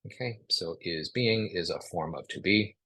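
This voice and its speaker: A man teaching a live online writing class, acting out example sentences aloud in an animated way. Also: deep voice, moderate pace, slightly rough, no echo. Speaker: writing instructor.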